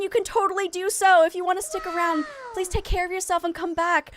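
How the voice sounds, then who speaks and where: A young adult woman streaming a game live, bubbly and excitable, chatting with viewers and laughing often. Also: very high voice, fast, hardly any pauses, soft background music. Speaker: variety streamer.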